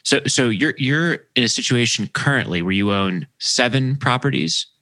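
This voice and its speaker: A man hosting a podcast, asking questions in a relaxed way and often restarting phrases. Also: mid-range voice, normal speed, no echo. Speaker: podcast host. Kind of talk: casual interview chat.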